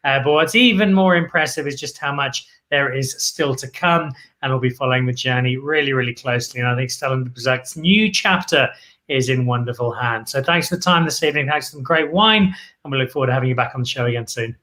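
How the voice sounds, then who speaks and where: A man's voice: mid-range voice, fairly quick, pushed and bright. A man from Zimbabwe hosting a wine show, wrapping up with viewer comments and an enthusiastic sign-off that repeats words for emphasis. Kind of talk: live show wrap-up and sign-off.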